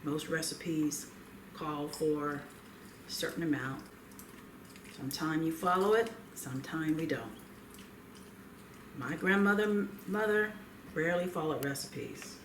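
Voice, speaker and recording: A woman hosting a cooking show, speaking gently and without hurry while she prepares food in a kitchen. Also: low-pitched, roomy sound, background noise. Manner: gentle, unhurried, talks while working. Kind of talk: cooking demonstration with calm chat. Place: home kitchen.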